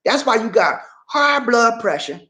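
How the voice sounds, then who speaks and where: A man giving relationship advice on a live stream, preachy and animated, speaking straight to his viewers and acting out quotes. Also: extremely high pitch, unhurried. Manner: acts out quoted voices in his talk.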